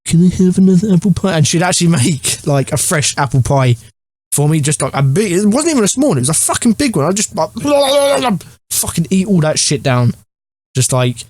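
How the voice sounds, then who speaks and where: A young English man in his twenties chats to camera about his own life, wandering from joke to joke and swearing freely. His voice sits a little on the high side. The sound is dry and close. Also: dry recording. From England. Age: 20s. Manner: crude, swearing constantly, rambling and joking. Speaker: gaming YouTuber. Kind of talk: casual storytelling to camera.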